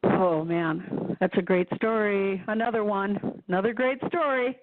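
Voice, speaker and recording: A woman's voice: mid-range voice, measured pace. A woman hosting a radio talk show who listens supportively and reacts to her guest with exclamations. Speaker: host. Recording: tinny phone line.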